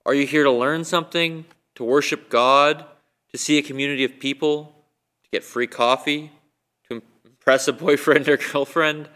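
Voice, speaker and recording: A man with a bright, forceful voice delivers a sermon. He speaks conversationally and keeps putting questions to his listeners, recorded for an online church service. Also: fairly high pitch, fairly even intonation, normal speed. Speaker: guest preacher.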